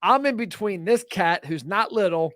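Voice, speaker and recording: Young man, podcast host, joking storyteller, slightly high voice, dry sound. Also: normal speed, a bit bright, no room sound. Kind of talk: casual storytelling chat.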